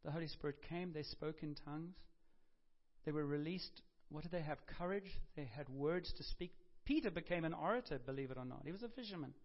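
A man's voice: on the high side, brisk. Preacher, male, raised voice, chatty storytelling sermon, dull lo-fi recording. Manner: conversational storytelling with self-corrections and humor. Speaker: pastor. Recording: dull lo-fi sound.

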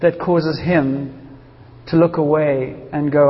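A man's voice: on the high side, fairly even intonation, slow pace. A man from South Africa preaching a sermon in an informal, joking way and speaking straight to his congregation. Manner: informal and joking, talks to the audience. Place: church hall. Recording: dull reverberant hall.

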